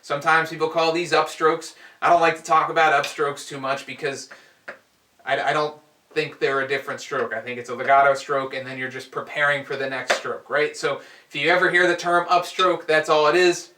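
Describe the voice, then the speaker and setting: A man teaching a drum lesson, explaining strokes in a relaxed way and counting aloud as he demonstrates. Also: on the high side, fairly quick, a little hiss or hum. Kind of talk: instructional explanation. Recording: echoey room, heard from a distance.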